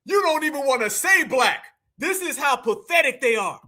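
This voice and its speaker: Fired-up, high-voiced male show host. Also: expressive, normal speed, pushed and bright. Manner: emphatic, mocking, preacherly. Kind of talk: fired-up live commentary.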